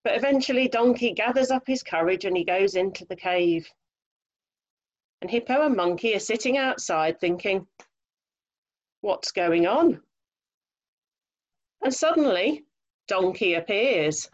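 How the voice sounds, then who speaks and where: A woman reading a children's story aloud over a video call, lively, expressive and chatty. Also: medium pitch, moderate pace, lo-fi sound.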